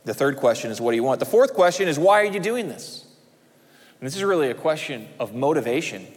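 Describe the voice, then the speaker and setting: A male pastor preaching a sermon, swinging his emphasis up and dropping low at the ends of phrases. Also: very animated, fairly quick, in a large hall.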